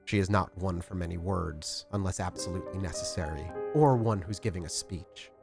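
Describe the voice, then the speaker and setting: A man's voice: low voice, a little fast, gravelly, music in the background. A man narrating as storyteller of a tabletop role-playing game, descriptive and conversational. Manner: lively, descriptive narration with fillers.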